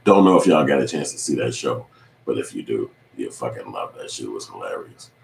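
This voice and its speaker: A man's voice: extremely low pitch, big pitch swings, fairly quick, creaky, distant mic. A man hosting his own show, giving a loose, profane recap with acted quotes. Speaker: online show host. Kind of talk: casual recap monologue. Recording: echoey room with faint ambient noise.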